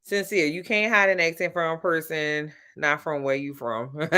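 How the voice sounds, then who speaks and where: A woman's voice: deep voice, measured pace, sharp tone, smooth. Chatty New Orleans woman, blunt and talkative. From New Orleans, USA. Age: adult with grown-up sons. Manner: talkative, blunt, peppered with "child" and "baby". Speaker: livestream host. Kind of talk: casual livestream chat with viewers.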